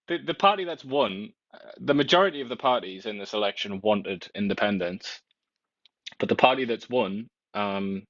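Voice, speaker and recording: A man's voice: fairly low pitch, fairly bright tone, no room sound. A man co-hosting a casual political chat, giving blunt and dismissive opinions. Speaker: co-host. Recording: dull, dry lo-fi sound.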